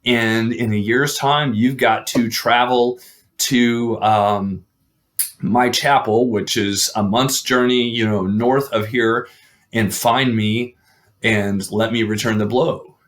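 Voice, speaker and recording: A man's voice: mid-range voice, fairly even intonation, slow pace, a bit bright. A man voicing a mocking giant green knight, keeping his own loose, chatty delivery. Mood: challenging. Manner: taunting, loose and conversational.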